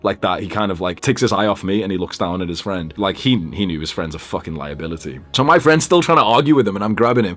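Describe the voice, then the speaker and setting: A young man in his twenties, telling a personal story in a casual, swearing, animated way. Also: fairly low pitch, quick pace, hardly any pauses, dry recording. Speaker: vlogger.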